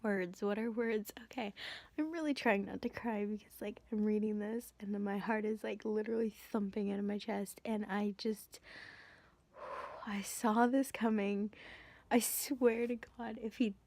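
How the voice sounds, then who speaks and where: A woman's voice: medium pitch, steady tone, normal speed, a little mellow, no echo. A young woman vlogging about a book she is reading, gushing and emotional, often breathless. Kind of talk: casual vlog chat. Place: on a bus, at home, in a staff room.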